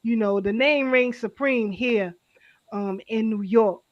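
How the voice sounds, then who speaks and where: A woman's voice: on the high side, slow pace, no room sound, dull audio. A woman co-hosting a talk show, speaking emphatically and repeating herself for emphasis. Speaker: co-host. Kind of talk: casual chat.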